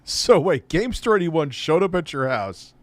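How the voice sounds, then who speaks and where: Casting note: male host, blunt and profane, slightly high pitch, dry close mic. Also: sing-song, moderate pace, no echo. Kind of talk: casual livestream chat.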